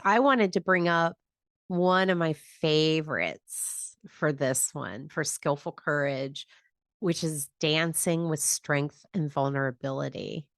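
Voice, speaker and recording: A woman hosting a podcast, calmly explaining a mindfulness practice with personal stories. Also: low-pitched, vocal fry, no echo, studio quality. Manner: calm, reflective, explanatory. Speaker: podcast host and grief teacher. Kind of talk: conversational podcast teaching.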